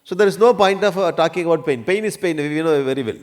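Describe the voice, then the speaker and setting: A man's voice: on the high side, quick pace. A man teaching a spiritual discourse, often checking that listeners follow and coughing now and then. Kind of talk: religious discourse.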